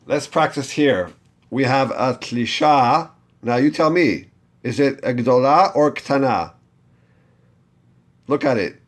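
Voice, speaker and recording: A man's voice: mid-range voice, expressive, takes it slowly, pauses often. A man teaching a step-by-step chanting lesson, patiently talking learners through each step and having them repeat after him. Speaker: Torah reading teacher.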